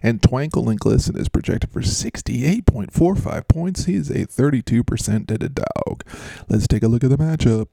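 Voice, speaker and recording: A man's voice: mid-range voice, expressive, moderate pace, vocal fry, dark tone, no room sound. A man hosting a casual fantasy football breakdown, joking, rambling and mocking himself as he goes.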